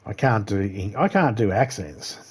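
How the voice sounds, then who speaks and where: Aussie guy ranting on his game stream, swears a lot, dark husky voice. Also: on the low side, lively intonation, a little slow. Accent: Australian. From Australia. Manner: ranting, swears freely, laughs at his own jokes. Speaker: gaming streamer. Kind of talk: casual rambling chat while live gaming.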